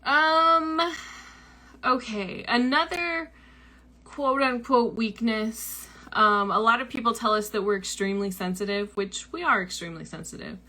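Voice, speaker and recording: A young woman with a bright, crisp tone and a slightly high voice talks her way through a personal story. She hosts a book club show and keeps it loose and chatty, full of likes and ums. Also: a little slow.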